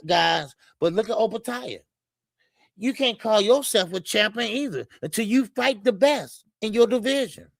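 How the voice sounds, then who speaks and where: A man's voice: high-pitched, vocal fry, no room sound. A man hosting a boxing live stream in a casual, rambling way, with many fillers as he reads out super chats. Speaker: boxing show host.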